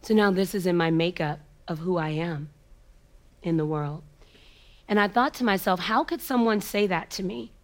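A woman speaker telling a personal story with an emphatic, repetitive rhythm and dramatic pauses, sometimes sinking to a hushed near-whisper. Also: lowish voice. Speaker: motivational speaker.

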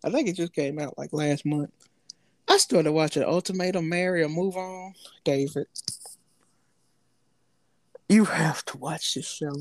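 A man's voice: on the high side, a little slow, pauses often, no room sound. A man co-hosting a podcast, talking loosely in slang and laughing often as he tells stories. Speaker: podcast co-host. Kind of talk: casual chat.

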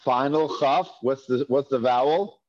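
A man's voice: mid-range voice, measured pace, a little mellow. A man teaching a Hebrew reading class, patiently sounding out syllables for students to repeat and often restarting his phrases. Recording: dull lo-fi class recording.

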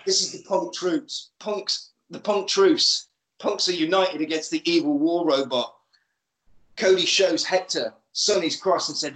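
A man co-hosting a casual podcast, retelling a film with quick put-on voices for its characters. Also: a little high. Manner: animated, acts out lines in quick put-on voices. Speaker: podcast co-host. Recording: echoey room.

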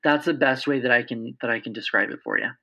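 A young man in his twenties, a guest explaining speech patterns in casual conversation, animated, with slightly sharpened S sounds. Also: mid-range voice, quick pace. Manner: animated, lively, slips into imitated voices. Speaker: interview guest, speech-language pathology student. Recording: dull, lo-fi sound.

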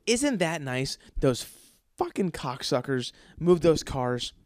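A man with a fairly high voice grumbles and swears through a casual comedic podcast rant, rambling and restarting his sentences. He sounds close and dry, with no room around him. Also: sing-song, takes it slowly, a little mellow, no room sound. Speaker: podcast host.

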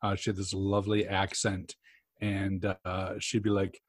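A man co-hosting a podcast, telling anecdotes in a lively, casual way during a technical discussion. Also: low-pitched, measured pace, dry recording, clean studio sound. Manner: animated storyteller, fond of anecdotes. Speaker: podcast co-host.

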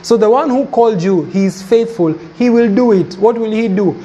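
A man preaching with a high voice and a warm, mellow tone. He speaks earnestly and with emphasis, quoting scripture as he goes. His delivery is sermon-style. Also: moderate pace.

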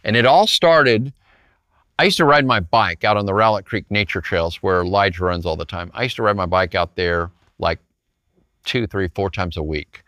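A man's voice: low voice, normal speed, clear, resonant tone, dry recording, studio quality. A male pastor giving a conversational sermon, telling a personal story and turning often to his listeners with "right?". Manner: animated, talks straight to listeners with frequent rhetorical "right?".

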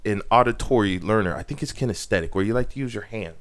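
A young man hosting a podcast, chatting casually with an expressive, sing-song delivery. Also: lowish voice, fast. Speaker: podcast co-host. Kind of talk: casual chat.

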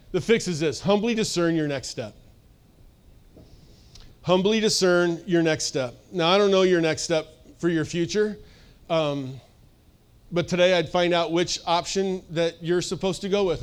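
A middle-aged man preaching a sermon as pastor, energetic and conversational, joking with the congregation. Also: fairly high pitch, clean tone. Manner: energetic, conversational, sings snippets and jokes with the audience.

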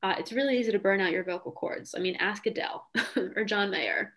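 A woman's voice: mid-range voice, a little fast, a bit bright. A young adult woman hosting a podcast in casual chat, talking enthusiastically with frequent "um" and "like". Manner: enthusiastic, lots of "um" and "like". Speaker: podcast host.

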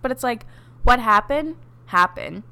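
A woman's voice: fairly high pitch, lively intonation, a little slow, pushed and bright, clean tone. A young woman co-hosting a podcast, frank and giving advice in casual chat, laughing often. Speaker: podcast co-host.

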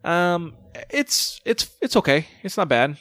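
A man's voice: high voice, very animated, slow, fairly bright tone, no echo, studio quality. A man in his thirties, co-hosting a casual podcast chat and rambling with many stammered restarts. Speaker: podcast co-host.

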